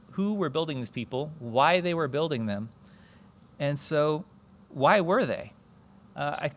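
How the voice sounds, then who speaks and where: A man preaching a conversational sermon at a church service, explaining scripture and asking the congregation questions. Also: on the high side.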